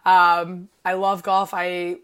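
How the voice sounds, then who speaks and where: A woman in her twenties from Illinois, co-hosting a casual podcast and talking in an excitable, gushing way with lots of "like" fillers. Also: lowish voice, takes it slowly, clear, resonant tone. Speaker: podcast co-host.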